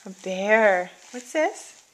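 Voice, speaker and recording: At home, a woman patiently quizzes a small child, naming animals and repeating her questions as she teaches the toddler sign language. Her medium-pitched voice is lively in intonation, fairly bright, and very slow, and the scene was captured on a handheld camcorder.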